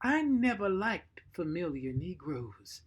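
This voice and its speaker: A man voicing a bossy, haughty, tall old woman in a storybook reading, with a shrill, outraged delivery. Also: very animated, takes it slowly, husky, full character voice. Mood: cold.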